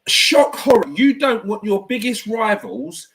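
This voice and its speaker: A man's voice: high-pitched, expressive, measured pace, fairly bright tone. A man hosting a casual football reaction chat, talking in an opinionated, ranty way. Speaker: fan channel host.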